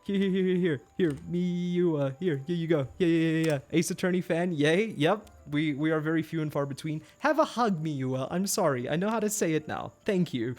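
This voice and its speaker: A man's voice: on the high side, normal speed. A man live-streaming a game who chats with viewers, laughs often and stammers when he gets flustered. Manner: giggly, excitable, laughs often. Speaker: livestreamer. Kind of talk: casual live-stream chat, reading chat aloud.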